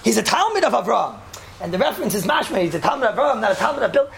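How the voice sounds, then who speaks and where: A woman teacher giving a casual religious talk, telling stories in an animated way and mixing in Hebrew and Yiddish terms. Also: fast, creaky, a little hiss or hum. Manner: jumps to high pitch when acting out story lines. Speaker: seminary teacher.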